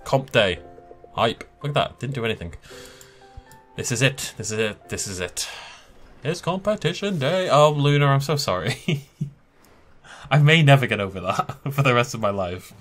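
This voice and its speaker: A man hosting a let's play, giving excitable gaming commentary and laughing often. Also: medium pitch, moderate pace. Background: faint game music.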